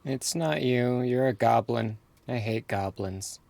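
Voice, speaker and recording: A man playing a tabletop game who talks in character in a dry, weary, deadpan way. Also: mid-range voice, slow, creaky, no echo. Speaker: player.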